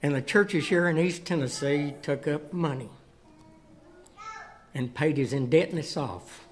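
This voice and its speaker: Man, folksy church storytelling, fairly high voice, guest speaker. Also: unhurried, a little hiss or hum. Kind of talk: church testimony and sermon. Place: church sanctuary.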